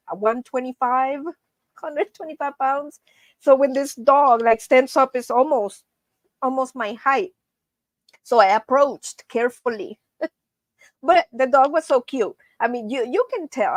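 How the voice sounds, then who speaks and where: Woman host of a casual live show, chatty and laughing, slightly high voice, recorded dry and close. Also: no room sound. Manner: chatty, laughs often, calls viewers friends. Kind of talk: casual live-stream chat.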